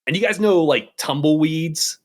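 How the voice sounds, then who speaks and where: A man's voice: on the high side, normal speed. A man co-hosting a casual chat show, telling a long, rambling story. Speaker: co-host.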